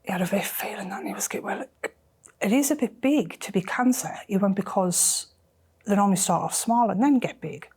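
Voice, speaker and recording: A middle-aged woman, telling a personal story in an emotional, halting way that often drops to a near whisper. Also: mid-range voice, darkish tone, slightly rough. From North East England. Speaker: interviewee.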